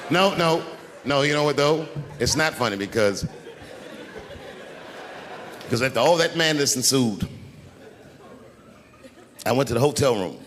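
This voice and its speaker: Middle-aged male comedian, animated storytelling, shouted punchlines, lively pitch, reverberant hall. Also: measured pace, long pauses, crowd noise. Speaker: stand-up comedian. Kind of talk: stand-up routine. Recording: live hall reverb, faint background noise.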